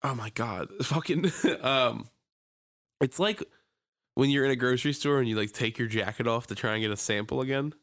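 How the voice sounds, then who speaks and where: A young man co-hosting a podcast, telling a long story in casual chat, swearing freely and breaking into high voices when he quotes people. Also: normal speed, fairly bright tone. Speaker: podcast co-host. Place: small room, in person with co-host.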